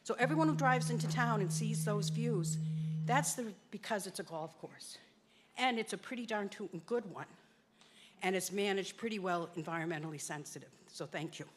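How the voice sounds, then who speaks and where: A woman's voice: mid-range voice, normal speed, noisy background. A woman on a town open space commission giving an earnest public comment at a town meeting, her voice a little shaky with emotion.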